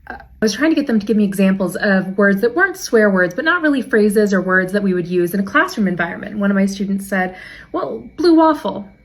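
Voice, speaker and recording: A young adult woman, a teacher, telling funny classroom anecdotes in a dry, deadpan way and quoting her students. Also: mid-range voice, fast, few pauses. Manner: deadpan, wry delivery with quoted student voices. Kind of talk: anecdotal storytelling.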